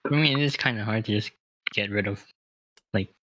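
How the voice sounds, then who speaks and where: A man's voice: on the low side, brisk, fairly bright tone, no room sound, poor audio. Man with dry, skeptical asides. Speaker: podcast co-host. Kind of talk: casual group podcast discussion.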